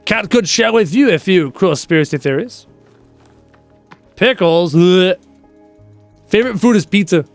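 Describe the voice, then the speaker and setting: A man's voice: sits high, expressive, normal speed, pauses often, faint music behind. A man live-streaming a game, chatting casually and reading out viewers' messages in a playful way. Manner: chatty, reads chat aloud, playful.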